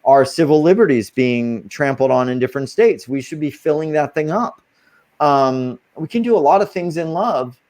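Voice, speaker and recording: A man's voice: on the high side, animated, normal speed, darkish tone. Earnest man giving spiritual advice. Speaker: guest. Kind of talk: casual interview talk.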